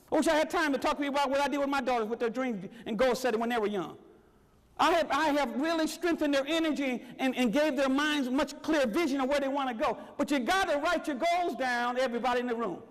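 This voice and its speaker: A man's voice: extremely high pitch, in a large hall. A man giving a motivational workshop talk to a live audience, urging them on with repeated calls for energy. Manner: exhorting, repetitive, urging the crowd on. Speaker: motivational speaker. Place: large meeting room with audience at tables.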